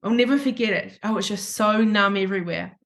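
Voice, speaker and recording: A woman's voice: mid-range voice, a little fast. Australian woman recounting a personal story. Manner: emotional, animated retelling with quoted dialogue. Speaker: podcast host.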